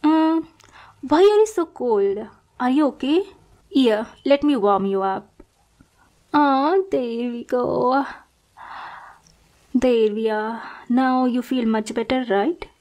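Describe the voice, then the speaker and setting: A young woman voicing an obsessive, sweetly possessive stalker girl in a whispered role-play, coaxing and softly menacing. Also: a little high, takes it slowly, long pauses. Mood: tender. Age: young adult. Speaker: roleplay performer.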